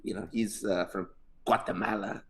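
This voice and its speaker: A young man co-hosting a casual podcast, loud and hyped at the open, laughing and swearing as he chats. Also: lowish voice, steady tone, moderate pace, breathy edge. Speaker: podcast co-host.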